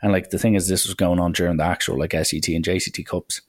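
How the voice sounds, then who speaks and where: Man, Irish accent, podcast host, casual storytelling, chatty, lots of "like", slightly low voice. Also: quick pace. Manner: chatty, animated, full of "like" and acted quotes.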